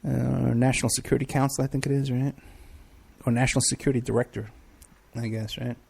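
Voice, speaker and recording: Middle-aged man, talk host, rambling chat, gravelly voice, medium pitch. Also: little pitch movement, quick pace, a little mellow. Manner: rambling, chatty, frequent hesitations. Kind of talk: casual livestream chat.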